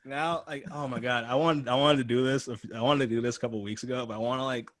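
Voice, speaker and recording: Young man, podcast host, casual chat, profane, laughs a lot, medium pitch. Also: steady tone, fast, no room sound. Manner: loose, profane, laughs often.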